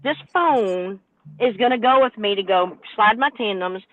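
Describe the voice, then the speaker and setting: Woman in her 60s, animated ranting storyteller, tinny phone-like sound, dry. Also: medium pitch, measured pace, no room sound. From North Carolina, US. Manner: animated, exasperated storytelling rant. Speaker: truck driver and owner operator, panel guest. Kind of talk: podcast panel discussion.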